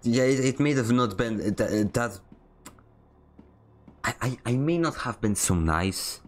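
This gamer streams and talks loosely, cracking jokes at his own expense and frequently stumbling over and restarting his sentences. He has a mid-range voice with lively intonation and speaks a little slowly.

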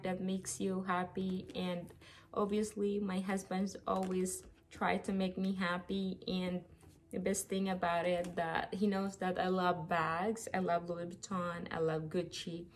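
A woman from the Philippines filming a casual unboxing vlog, gushing with excited exclamations. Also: mid-range voice, slight background noise. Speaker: vlogger.

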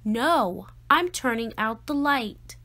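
A woman voicing a patient but tired mother who speaks calmly and firmly at bedtime. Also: on the high side, takes it slowly, heavily acted. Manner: calm, firm.

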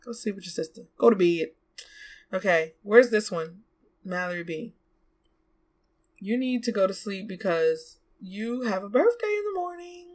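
Young woman, gaming commentary, mid-pitched, talkative, bossy toward her characters, quick to exclaim. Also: very animated, darkish tone. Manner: chatty, scolds and coaxes the game characters aloud; exclamatory, quick to gasp and laugh. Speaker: gaming YouTuber. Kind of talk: let's play commentary.

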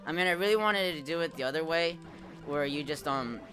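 A young man commenting live on his gameplay, swearing a lot, laughing often and yelling at the game when he fails. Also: a little high, fairly quick. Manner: profane, excitable, laughs often, shouts at the game. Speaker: streamer playing a retro game. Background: game music.

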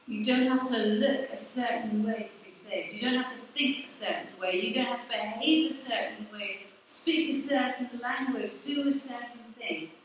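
In an echoey, large church hall, a woman vicar preaches, putting questions to the congregation and replying to them herself. Her voice sits a little high, and she speaks at a normal pace with barely any pauses. Light background noise is present, and she is far from the microphone.

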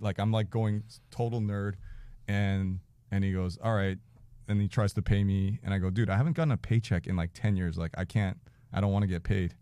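A man in his forties, appearing as a podcast guest, tells a story in casual chat with a voice on the low side and no echo. He's animated and profane, laughing often and acting out quotes.

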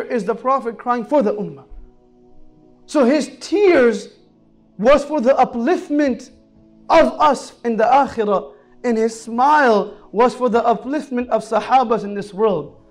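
A man with a very high voice preaching a sermon, faint music playing underneath. He tells his stories earnestly, dropping soft and low at times and lifting into emphatic bursts. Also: a little slow. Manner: earnest storytelling, swinging between soft low passages and raised emphatic ones. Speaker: Islamic preacher.

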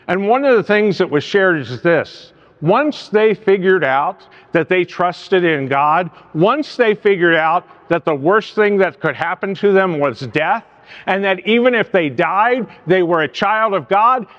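A man's voice: high voice, a bit bright. A man preaching a sermon as pastor, asking rhetorical questions and telling stories. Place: church sanctuary. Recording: reverberant church hall, dull sound.

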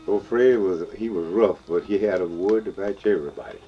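An older man with a Texas Southern accent, telling a folk story in a slow, drawling, chuckling way. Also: low voice. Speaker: blues songster and storyteller. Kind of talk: folksy spoken storytelling. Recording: dull lo-fi field recording with guitar.

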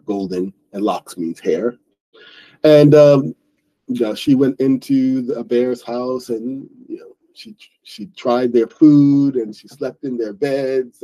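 A man's voice: medium pitch, warm tone, husky, rough recording. A man hosting an online English book club, explaining a story in a loose, rambling way with many fillers and restarts. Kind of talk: casual explaining lesson.

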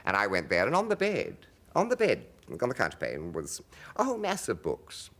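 A man in his fifties, a talk show guest telling stories in a theatrical, animated way. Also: brisk. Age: 50s. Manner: theatrical, swooping into high mimicry in his stories. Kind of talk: anecdotal chat.

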